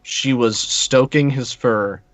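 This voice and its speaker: A man's voice: medium pitch, slow pace, fairly bright tone, dry recording. A man hosting a comedic read-through of a fan fiction, reading aloud in a casual, sardonic way and swearing freely.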